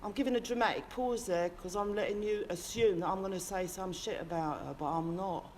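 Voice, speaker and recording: A woman's voice: mid-range voice, fairly quick, darkish tone, a little hiss or hum, lightly acted. A woman playing a brash, sweary working-class London man in a comic monologue, rambling and impassioned, with a London accent. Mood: impassioned rant. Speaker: character monologist. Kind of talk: comic character monologue to camera.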